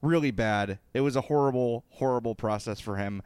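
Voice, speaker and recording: A sports podcast co-host from Illinois, giving opinionated hockey talk in an emphatic, repetitive, lecturing way. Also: male voice, medium pitch, a little fast, darkish tone, clear, resonant tone, no room sound. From Illinois, USA.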